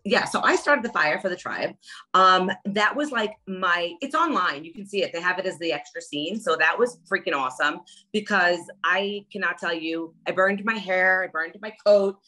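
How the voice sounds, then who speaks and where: Chatty woman with a bright voice. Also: on the low side, moderate pace, rough recording. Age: middle-aged. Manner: chatty, animated storytelling, lots of "like". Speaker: interview guest, former reality show contestant. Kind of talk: casual interview chat.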